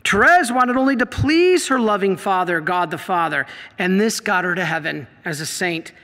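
Animated bright-voiced male priest, hall reverb. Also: high voice, normal speed. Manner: animated storyteller, acts out quoted voices; emotional, worked up. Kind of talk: teaching talk on faith.

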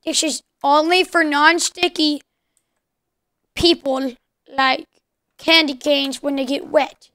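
A woman giving rambling, excitable let's play commentary, chatting to the creatures in her game. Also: high-pitched, takes it slowly, pauses often, no echo, clean studio sound. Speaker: gaming commentator.

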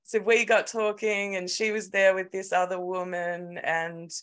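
An Australian woman co-hosting a podcast, telling a story in an animated, sweary, casual way. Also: medium pitch, unhurried, clean tone. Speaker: podcast co-host. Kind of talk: casual chat.

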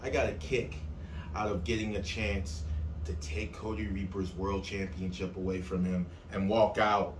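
Boastful male wrestler guest, lowish voice, echoey room, distant mic. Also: flat delivery, moderate pace. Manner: confident, boastful. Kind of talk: casual interview chat. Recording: echoey room from far off with faint noise.

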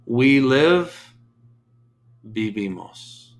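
Slow gravelly male teacher. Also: mid-range voice, lively intonation. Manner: patient, calls out English then Spanish answers. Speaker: Spanish teacher. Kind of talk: slow deliberate classroom drill.

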